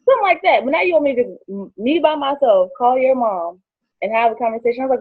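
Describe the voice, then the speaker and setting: A woman in her twenties telling a personal story, acting out quoted dialogue in lively voices. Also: sits high, fast talker, slightly rough, no room sound. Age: 20s. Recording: dry tinny phone-like line.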